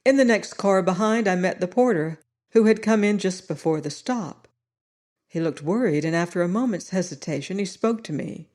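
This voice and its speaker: A woman reading a story aloud as an audiobook narrator, steady and unhurried. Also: lowish voice.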